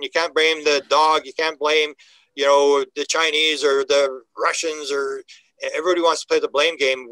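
A man's voice: a little high, pushed and bright, no room sound, low-quality recording. Folksy older man, dry and close. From Canada. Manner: folksy, emphatic, repeats words when starting sentences. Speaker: guest, UFO researcher. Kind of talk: casual interview talk.

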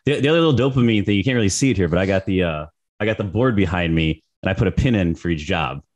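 A man in his thirties co-hosting a podcast, slightly hoarse, chatting in a relaxed way and often repeating words. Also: deep voice, quick pace, muffled recording. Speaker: podcast co-host. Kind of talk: casual podcast chat.

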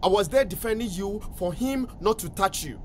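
A man's voice: high-pitched, lively intonation, moderate pace, a little hiss or hum. An actor playing a jealous husband who scolds his wife in Ghanaian English, indignant and accusing.

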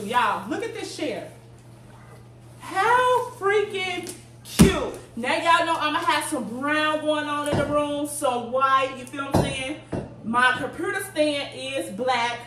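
Chatty woman with a high voice, echoey room. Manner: chatty, addresses viewers as y'all. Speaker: home decor vlogger. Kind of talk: casual haul vlog. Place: home, indoors. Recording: echoey room, mic at a distance, noisy.

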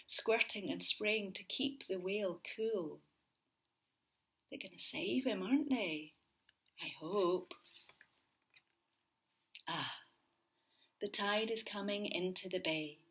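Gentle teacher reading aloud, whispering. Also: female voice, mid-range voice, breathy edge. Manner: slow, gentle, often dropping to a whisper. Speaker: teacher reading a picture book. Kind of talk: read-aloud storytelling for children.

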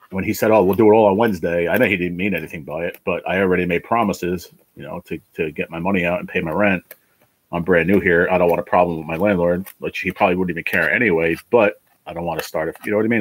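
Frustrated man with a deep, husky voice. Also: dry recording, rough recording. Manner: frustrated, rambling, swears often. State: ill, worn down. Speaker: livestream host. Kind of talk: casual livestream chat.

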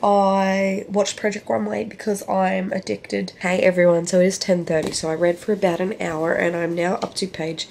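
A woman's voice: mid-range voice, little pitch movement, normal speed, gravelly, hardly any pauses, darkish tone. Australian woman vlogging with a cold. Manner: candid and chatty, repeats words for emphasis. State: sick with a cold. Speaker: book vlogger. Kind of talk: casual vlog chat. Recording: echoey room with faint background noise.

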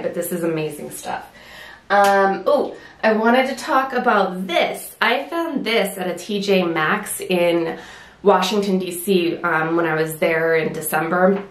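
Slow-talking winded woman reviewing beauty products. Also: fairly low pitch, echoey room. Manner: chatty, lots of fillers and restarts. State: a little winded. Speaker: beauty vlogger.

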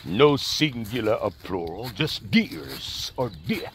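With lively intonation and an unhurried, medium-pitched voice, a middle-aged community leader takes a group on an enthusiastic walking tour of rural land. He repeats himself along the way, and faint outdoor background noise runs through the recording.

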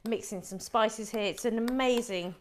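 A woman's voice: fairly high pitch, normal speed. A middle-aged woman from Wolverhampton, England, hosting a live cooking show and chatting to viewers as she explains each step.

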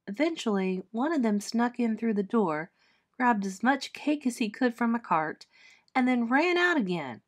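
A woman teacher reading a children's chapter book aloud with clear, expressive storytelling. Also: fairly high pitch, moderate pace.

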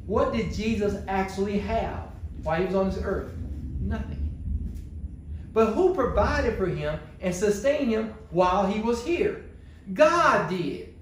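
High-voiced preacher in an echoey church. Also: male voice, a little hiss or hum. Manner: call-and-response preaching, rhetorical questions. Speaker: pastor. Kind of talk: sermon.

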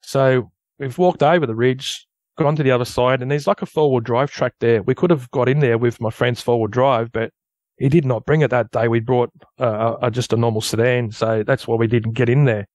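A man with an Australian accent, a guest telling a long story in a rambling, casual way that turns animated at the tense parts. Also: mid-range voice, fairly quick, dry recording. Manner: rambling, loose storyteller who grows animated at tense moments. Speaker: guest recounting an encounter.

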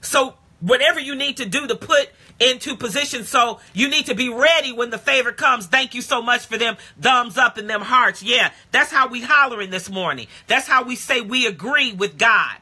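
Bright, husky-voiced woman preacher. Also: normal speed, hardly any pauses. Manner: call-and-response preaching, swings from low talk to shouted praise; casual street-talk phrasing. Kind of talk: live-streamed sermon. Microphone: phone or webcam live stream.

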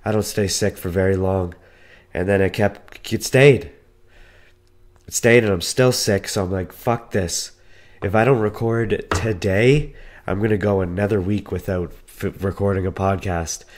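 A man with a sick, hoarse voice hosting his own podcast in casual talk, swearing and running himself down. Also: deep voice, fairly even intonation, a little slow, a little mellow. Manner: self-deprecating, swears casually. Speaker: podcast host. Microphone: podcast mic.

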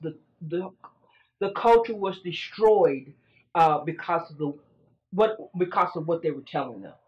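A middle-aged woman lecturing a class in an earnest way. She tells stories and puts questions to her listeners. The recording is dull and lo-fi. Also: fairly low pitch.

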